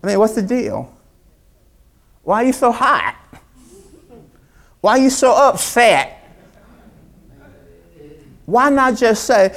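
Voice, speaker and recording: A man's voice: a little slow, long pauses. A man preaching a sermon, retelling a story with dramatic voices for its characters and questioning his congregation directly. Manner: preaching with dramatic character voices, rising to high excited pitch. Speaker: pastor.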